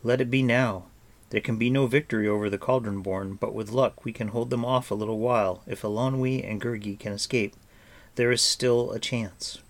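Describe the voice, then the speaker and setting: A man voicing an earnest, protective young man in a measured, plain tone. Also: medium pitch, fairly even intonation, natural voice.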